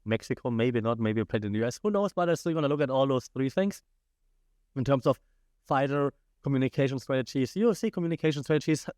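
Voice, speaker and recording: A man's voice: mid-range voice, lively intonation, quick pace, a little mellow, dry recording, clean studio sound. A man hosting a casual solo podcast, sick and talking around a cough drop in a chatty, playful, self-deprecating way. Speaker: podcast host.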